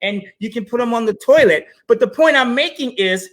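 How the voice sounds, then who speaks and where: A man co-hosting a casual panel talk, animated and addressing viewers directly as he tells stories. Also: very high-pitched, brisk. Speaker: co-host.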